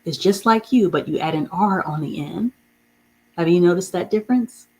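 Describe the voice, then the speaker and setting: A woman's voice: fairly low pitch, moderate pace, mellow, rough recording. A woman teaching a beginner reading lesson, patiently repeating and spelling out each word.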